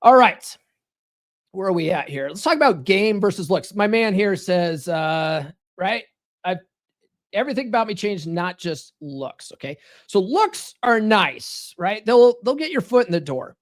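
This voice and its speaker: Here a dating coach hosts his live podcast from a home studio, his voice high and his pace measured. Profane and rambling, he goes through viewer comments and tells stories with plenty of animation in a casual chat.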